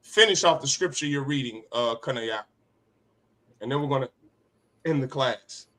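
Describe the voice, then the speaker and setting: A man teaching a class as an impassioned preacher, with rhetorical questions and sharp swings in loudness. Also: mid-range voice, moderate pace. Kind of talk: street-preacher sermon.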